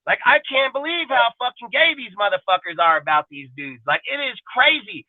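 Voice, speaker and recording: A man's voice: high voice, sing-song, a little fast, few pauses, no room sound. A man co-hosting a fan sports talk show, ranting crudely and combatively and swearing nonstop. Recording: dry, phone-like sound.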